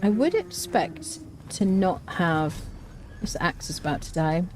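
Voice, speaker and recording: A woman's voice: lowish voice, sing-song, a little slow, darkish tone, soft background music. A young woman, chatting playfully and laughing often as she live-streams a game. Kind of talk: casual live-stream chat while gaming.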